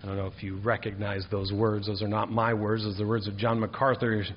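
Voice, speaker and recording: A man preaching in a large hall, his voice carrying a long reverb. The sound is dull and slightly muffled, with a faint low rumble underneath. He moves between measured teaching and emphatic, lifted declarations. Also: level tone. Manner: rises to emphatic, higher-pitched preaching on key points. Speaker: pastor. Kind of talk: sermon.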